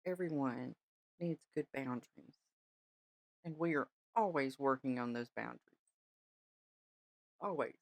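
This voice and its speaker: A woman's voice: extremely low pitch, unhurried, gravelly, long pauses, no echo. A woman hosting a podcast in a chatty, reassuring way, often checking in with her listeners. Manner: chatty, reassuring, many "all right?" check-ins. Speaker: podcast host. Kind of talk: casual spiritual talk.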